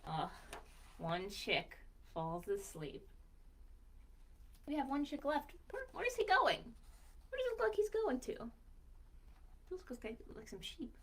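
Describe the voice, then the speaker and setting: In a high-pitched voice with huge pitch swings, a woman librarian reads a picture book to young children in sing-song fashion, stopping to pose questions and count slowly.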